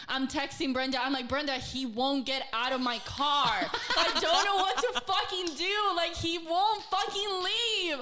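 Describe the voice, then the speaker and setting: A woman in her twenties, a podcast co-host, telling a story in casual chat, animated and full of fillers and swearing. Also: high-pitched, unhurried, few pauses.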